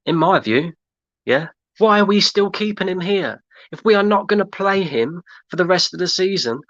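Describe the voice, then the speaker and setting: A fan channel host ranting on a livestream reads out chat comments, exasperated and repeating himself. His voice is on the high side and a bit bright, recorded lo-fi with no room sound.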